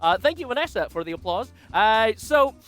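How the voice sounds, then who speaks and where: A man's voice: high-pitched, big pitch swings, normal speed, a bit bright. A man from Scotland with a Glasgow accent, a magician delivering jokey, self-deprecating comic patter on a livestream from a home video call setup. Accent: Scottish, Glasgow.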